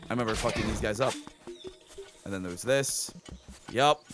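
A man's voice: fairly low pitch, normal speed. A young man chatting casually while playing a video game, swearing freely and reading game text aloud. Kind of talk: casual let's-play chat. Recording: music playing behind.

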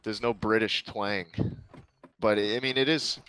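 A man's voice: lowish voice, fairly even intonation, measured pace, fairly bright tone, a little hiss or hum. An American man in casual gaming chat, teasing and sardonic, with a mock-patriotic streak. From United States.

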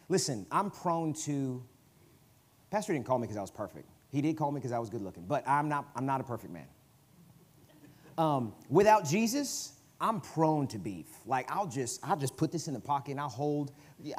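A Southern-accented guest preacher's mid-range, slightly rough voice fills the church sanctuary. His sermon is conversational, alternating hushed asides with emphatic, loud outbursts.

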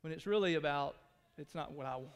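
A pastor preaching a sermon to his church, earnest, dropping to hushed tones and rising to pleading. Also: fairly high pitch, a little fast, clear, resonant tone. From Texas. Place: church sanctuary. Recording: long hall reverb.

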